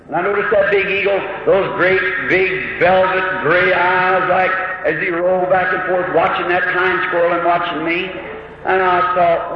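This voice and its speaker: A man preaching a sermon as a fervent, emotional story, his voice climbing higher as the feeling rises. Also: normal speed. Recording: old muffled hall recording with heavy hiss.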